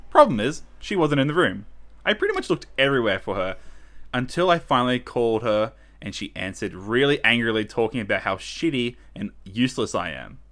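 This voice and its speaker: A man's voice: mid-range voice, big pitch swings, brisk, fairly bright tone. A man co-hosting a comedy show, reading online posts aloud in a playful, casual way. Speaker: co-host reading online stories.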